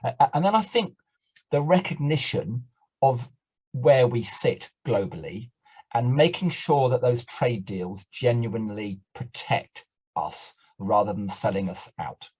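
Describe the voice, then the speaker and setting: A man from Britain speaking as a panelist on a webinar, measured and considered. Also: medium pitch, expressive, a little mellow, husky. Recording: dull lo-fi webinar audio.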